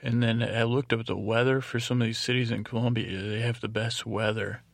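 A man's voice: medium pitch, flat delivery, a little fast, gravelly, no room sound. A man hosting a bedtime podcast, rambling along and stumbling over foreign words as he reads them out. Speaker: podcast host.

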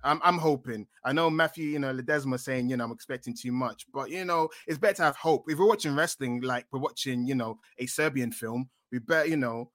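A man's voice: medium pitch, fairly quick, few pauses, fairly bright tone, no room sound, clean studio sound. A man from the UK co-hosting a casual podcast, blunt and opinionated, swearing freely. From United Kingdom. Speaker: podcast co-host. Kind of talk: casual chat.

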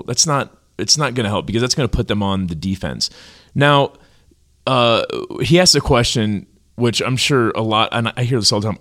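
A man in his thirties co-hosts a relaxed podcast, speaking a little lower than most men. He gives easygoing advice and drops light jokes along the way. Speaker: podcast co-host. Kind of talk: casual podcast conversation.

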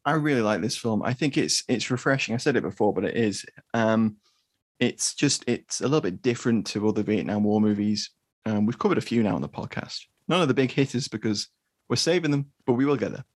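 A man co-hosting a podcast, talking about a film in a relaxed, measured way. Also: on the low side, husky, dry recording, clean studio sound. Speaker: podcast co-host. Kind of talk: casual film discussion.

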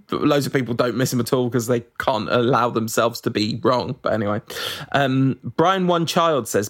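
A man hosting a casual football podcast, reading out listener questions with wry asides. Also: medium pitch. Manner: chatty, wry, reads out listener messages with asides.

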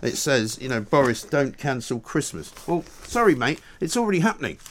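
A male talk radio host with a very lively, up-and-down voice. He chats conversationally in the studio, agreeing readily and reassuring his guest. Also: mid-range voice, a little fast, background noise.

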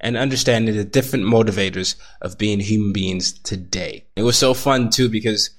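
Animated male podcast host. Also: lowish voice, moderate pace. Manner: animated, laughs easily, frequent fillers. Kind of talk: podcast interview.

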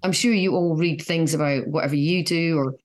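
A woman's voice: low-pitched, fairly quick. A middle-aged Scottish woman, a guest comedian in a casual chat, chatty and self-mocking, often laughing. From Scotland.

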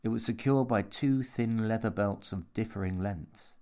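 A man with a fairly low voice narrates a dark story. His delivery is measured and deliberate, and he lingers on the grim images. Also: clean tone. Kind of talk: scripted narration of a horror story.

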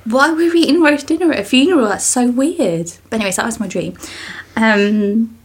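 Giggly, breathy woman. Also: fairly high pitch, brisk. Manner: giggly, rambling storyteller. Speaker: podcast co-host. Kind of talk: casual chat.

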